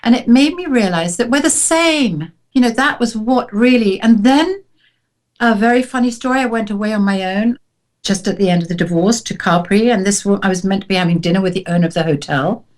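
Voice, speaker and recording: A woman co-hosting a casual chat, telling stories in an animated way and laughing often. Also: medium pitch, a little fast. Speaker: co-host.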